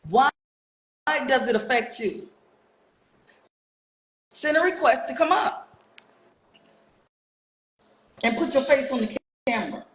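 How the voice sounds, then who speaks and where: Speaking slowly and pausing often, a woman with a high, animated voice rants to viewers on her livestream. She keeps firing off rhetorical questions into a phone mic, and the room sounds echoey.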